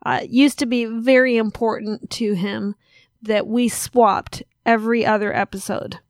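A woman's voice: fairly high pitch, little pitch movement, normal speed, no room sound, clean studio sound. Chatty woman podcast host, rambling. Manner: rambling, teasing, self-correcting. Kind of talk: casual chat.

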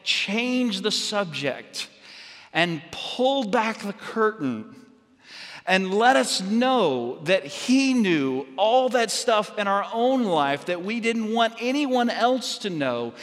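A man preaching a sermon as pastor, telling stories in a halting way with many restarts and fillers. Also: high voice, big pitch swings, fairly bright tone, big-room sound.

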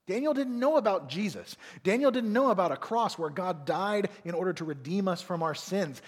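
A pastor delivers an earnest sermon in a slightly high, husky voice. His pitch swings widely as he presses his points, and the words ring out with a long hall reverb. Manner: earnest, animated preaching with acted asides.

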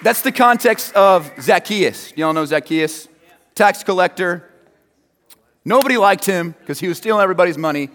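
A man preaching a sermon, chatting and joking easily with the people in front of him. His voice sits a little high for a man. The sound carries the long reverb of a large hall. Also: animated, normal speed, fairly bright tone, faint music behind, a faint crowd. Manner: casual, joking and conversational with the audience.

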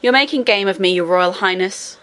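A woman voicing a young miner boy who sounds gruff, offended and sulky. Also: medium pitch, a little fast, fairly bright tone, lightly acted.

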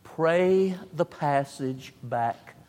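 A man's voice: a little high, extremely slow, a little mellow. A man preaching a sermon, emphatic, repeating phrases and stressing words in turn. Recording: long hall reverb.

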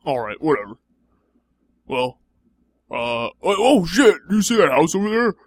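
Teasing young man, slightly high voice. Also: big pitch swings, unhurried. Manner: teasing, playfully mocking. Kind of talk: improvised comedy banter.

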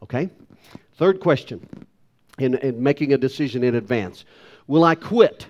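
A man's voice: mid-range voice, lively intonation, unhurried, highs cut off. Man preaching with emphatic questions. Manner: emphatic, rhetorical questions to the congregation. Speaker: pastor. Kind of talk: sermon.

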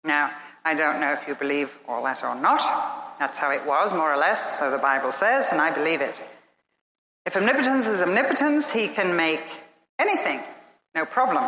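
A woman preacher giving a sermon and telling a story, earnest and emphatic with slow, dramatic pauses. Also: on the low side, animated, pushed and bright, a little hiss or hum. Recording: echoey hall.

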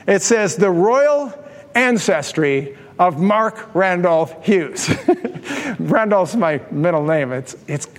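A man preaching as pastor, telling a humorous story with animated delivery. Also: high voice, in a large hall. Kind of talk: storytelling sermon.

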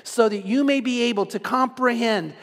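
A man's voice: very high voice, normal speed, a bit bright. A middle-aged man preaching a sermon as a pastor, earnest and repetitive, often restarting his words. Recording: long hall reverb.

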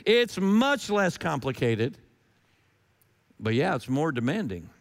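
A man with a notably high voice preaches a sermon with emphasis, driving his points home through repetition and rhetorical questions. His voice rings out with a long reverb, as if in a large hall. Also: sing-song, slow. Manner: emphatic, repeats key lines, rhetorical questions. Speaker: pastor.

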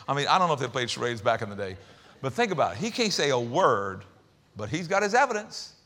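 A man preaching a sermon in a conversational, humorous way, with quick asides and repeated words. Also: a little high, very animated, bright, forceful tone, in a large hall. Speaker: pastor.

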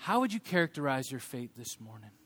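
A man in his thirties preaching a sermon, animated and humorous, acting out quoted voices of his children and others. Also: mid-range voice, quick pace. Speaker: pastor.

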